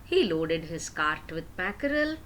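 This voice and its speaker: Lively older woman telling a story. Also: low-pitched, measured pace, a little hiss or hum, low-quality recording. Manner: asks the young listeners questions. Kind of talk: storytelling for children.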